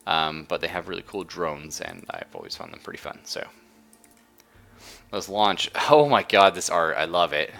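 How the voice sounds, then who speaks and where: A man's voice: sits low, big pitch swings, normal speed, gravelly, fairly bright tone. A man streaming a strategy game live, chatting casually and enthusiastically as he explains the mechanics while he plays. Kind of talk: casual live gameplay commentary.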